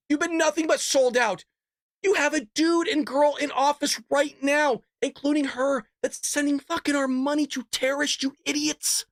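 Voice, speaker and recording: A man runs a live political commentary show, ranting with heat, cursing, and doing mock voices as his volume and pitch climb. He keeps a moderate pace, and the dry recording has clean studio sound.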